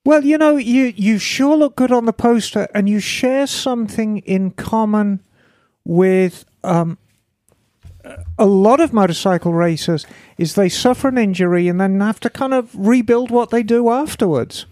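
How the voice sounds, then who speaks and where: A woman, co-hosting a podcast in a chatty, lively way with playful asides. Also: mid-range voice, unhurried, no echo, studio quality. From England. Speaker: podcast co-host. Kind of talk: casual podcast chat.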